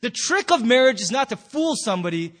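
A man's voice: very high voice, very animated, a little fast, fairly bright tone. A man preaching as a pastor in a church hall, telling a story with playful acted-out quotes. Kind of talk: sermon.

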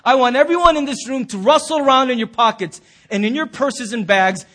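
Male pastor with a very high voice, animated sermon storyteller who acts out the quotes. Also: a little fast. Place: church sanctuary.

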